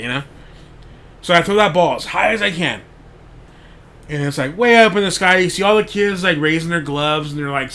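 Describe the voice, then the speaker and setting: A man with a fairly high, pushed and bright voice hosts a podcast. In a casual monologue he tells a rambling story, leaning heavily on "like" and swearing freely.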